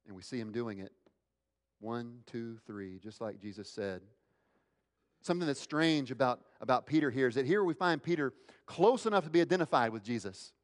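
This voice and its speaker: A man preaching a sermon, acting out the quoted lines with big swings in pitch and loudness. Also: lively intonation, a little fast. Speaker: pastor. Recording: hall with long reverb.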